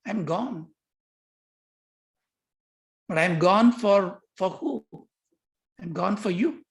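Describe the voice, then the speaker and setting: An older man giving a lecture on yoga philosophy, lively and questioning, often repeating himself. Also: high-pitched, very slow, vocal fry.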